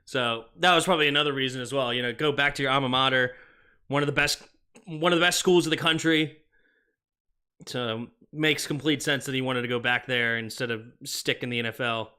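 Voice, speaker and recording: A man's voice: mid-range voice, steady tone, fairly quick, bright, forceful tone, clear, resonant tone. A man hosting a live stream, calling football plays in short bursts and chatting about viewer comments. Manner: reads viewer comments aloud and answers them; calls plays in short clipped phrases. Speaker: livestream sports host. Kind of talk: live play-by-play and chat reading.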